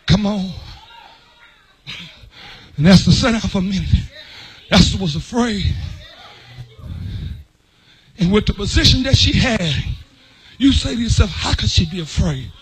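A man preaching a sermon with a raspy voice, shouting and slipping into a sing-song cadence. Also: sits high, unhurried, pauses often, a little hiss or hum, rough recording. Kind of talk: whooping sermon.

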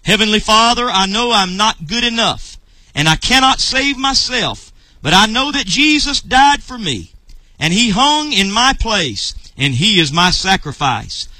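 A man's voice: sits high, sing-song, a little slow, bright, forceful tone, no echo. A man closing a ministry broadcast, earnestly leading listeners in a salvation prayer. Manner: earnest, leads a prayer to repeat.

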